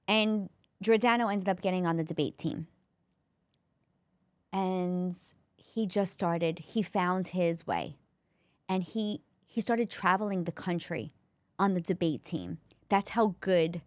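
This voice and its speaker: A woman with a lowish voice, recorded dry, appears as a podcast guest to tell a personal story. She's a comedian and former school counselor, and she speaks earnestly and emotionally, frequently restarting her sentences.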